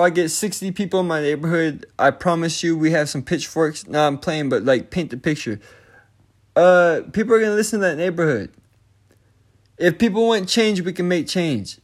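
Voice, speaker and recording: A young man with a fairly high voice rants casually into the camera. His talk is slangy and full of swearing, and he keeps firing frustrated rhetorical questions at his listeners.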